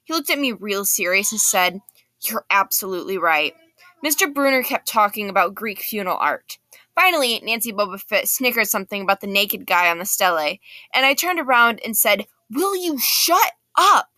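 A woman reading a novel aloud in the first person, lively and expressive. Her voice is bright and forward. The sound is dry and close, with no room echo. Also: mid-range voice, fairly quick. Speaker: audiobook reader.

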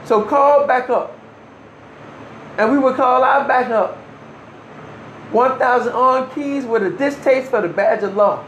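Male storyteller, high voice, emphatic and earnest, slight room echo. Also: a little slow, fairly bright tone, a little hiss or hum. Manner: earnest, emphatic, with short restarts and wry laughs. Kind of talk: personal first-person storytelling. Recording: roomy echo.

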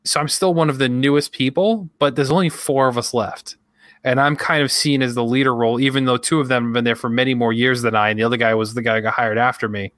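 A man's voice: medium pitch, fairly even intonation, fast talker, fairly bright tone, no echo, studio quality. A young man co-hosting a podcast, chatting casually and rambling through work stories while acting out his coworkers' lines. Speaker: podcast co-host. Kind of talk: casual chat.

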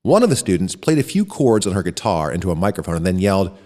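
A man reading a short story aloud as narrator, raising his voice for the shouted lines of the characters. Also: sits low, sing-song, fast, big-room sound.

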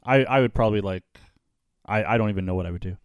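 A man's voice: on the low side, fast talker, no room sound. A man hosting a podcast, telling stories in a rambling way with many restarts and fillers. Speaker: podcast host. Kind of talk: casual podcast chat.

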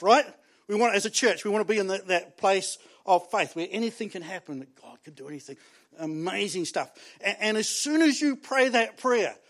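A man, preaching a sermon and telling stories in an animated way, often laughing and restarting his words. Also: sits high. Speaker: pastor.

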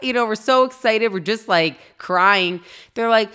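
A woman's voice: mid-range voice, normal speed, clear, resonant tone. A woman in her thirties, a podcast co-host, telling a personal faith story in casual conversation and acting out the reactions of people in it. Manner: animated, acts out quoted reactions.

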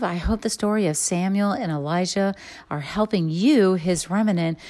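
An earnest woman preaching in a slightly low voice, her pitch sitting a bit under most women's. She teaches steadily and now and then lifts her voice to act out the people she quotes. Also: a little mellow. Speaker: teaching minister. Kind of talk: sermon with closing prayer.

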